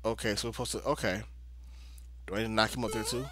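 A man's voice: on the low side, steady tone, fast talker, fairly bright tone, slight background noise. A young man giving casual commentary while playing a video game, talking to himself in exasperated mutters. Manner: talkative, exasperated muttering, playful drawl. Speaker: let's play gamer. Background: game music.

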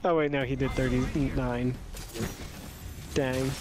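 A man's voice: mid-range voice, flat delivery, slow, darkish tone, a little hiss or hum. A male streamer chatting casually while gaming, laid-back and joking at his own expense.

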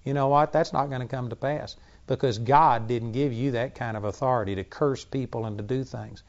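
A man's voice: medium pitch, brisk, lo-fi sound. Blunt, emphatic male Bible teacher. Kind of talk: teaching sermon.

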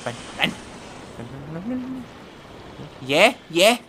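A man giving excitable gameplay commentary, yelping, swearing and laughing. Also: high voice, slow, a little hiss or hum. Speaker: gamer. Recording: game music behind the voice. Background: game music.

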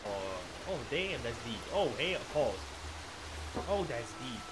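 A man hosting a let's play, excitable and slangy, swearing freely and calling everyone bro and man. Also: medium pitch, takes it slowly, heavy background noise. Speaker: gaming channel host. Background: game music.

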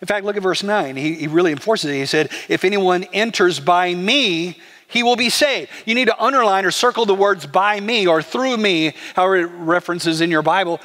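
In a church sanctuary, a male pastor preaches a sermon in a conversational, animated, brisk way. His voice sits high, and a long reverb trails his words through the church.

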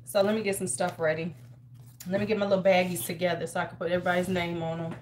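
A woman's voice: on the low side, little pitch movement, fast talker, background noise. A woman hosting a casual beauty livestream from her home, chatting, greeting viewers by name and talking to herself as she works. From United States. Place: home in winter.

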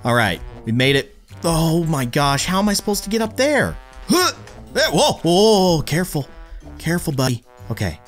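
A man giving excitable let's-play commentary as a gaming YouTuber, pleading with the game and cheering on a teammate. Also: a little high, brisk, faint music behind.

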